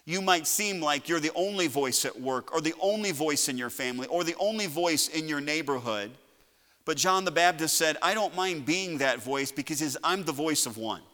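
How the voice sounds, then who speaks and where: A man preaching a sermon, building to loud shouts and then dropping to a quiet, conversational tone. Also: fairly high pitch, animated, normal speed, in a large hall. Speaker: pastor.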